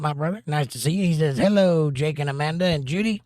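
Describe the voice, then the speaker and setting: A man's voice: fairly high pitch, quick pace, a little mellow, no room sound, studio quality. A man hosting a casual livestream, joking around and reading viewers' chat messages aloud. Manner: jokey, reads chat aloud. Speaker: host.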